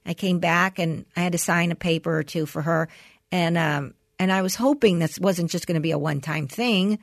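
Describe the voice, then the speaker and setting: A woman's voice: on the low side, normal speed, creaky, no echo, clean studio sound. A middle-aged woman co-hosting a podcast, telling a long story with plenty of fillers and acted-out quotes. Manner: rambling storyteller, many "you know" fillers, acts out quotes. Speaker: podcast co-host. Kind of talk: casual chat.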